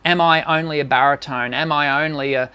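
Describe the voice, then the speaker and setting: A woman's voice: deep voice, steady tone, brisk, pushed and bright, clear, resonant tone. A woman vocal coach giving an encouraging, conversational live-streamed singing lesson and answering questions, with frequent restarts.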